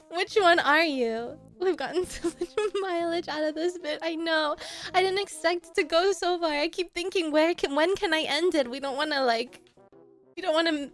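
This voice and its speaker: A young woman streaming live, chatting with her viewers in a playful, teasing way and laughing often. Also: sits high. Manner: teasing banter with chat. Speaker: streamer reacting to chat. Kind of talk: casual live-stream chat.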